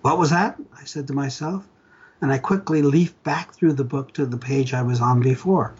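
Older man reading his stories, husky. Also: mid-range voice, moderate pace, muffled recording. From Ontario, Canada. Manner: animated storyteller, acts out dialogue. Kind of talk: reading aloud, storytelling.

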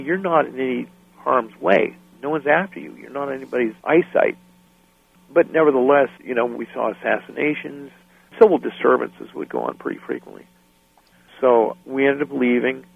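A middle-aged American man, a musician and guest, telling lively anecdotes and acting out the people in them, often laughing. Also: mid-range voice, a little fast, vocal fry, breathy edge. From United States. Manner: animated anecdotes, acts out quoted voices. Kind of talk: storytelling interview. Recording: dry phone-line sound.

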